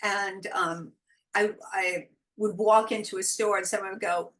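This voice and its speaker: A California woman with a medium-pitched voice appears as a podcast guest, an intuitive guide, in a casual interview chat. She comes across as expressive and animated, laughing often.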